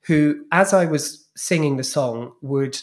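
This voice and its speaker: Speaking slowly in a slightly high voice, this man appears as an interview guest on a podcast. A onetime club DJ and drag performer, he shares bawdy, candid stories about the stage acts he used to do, animated throughout.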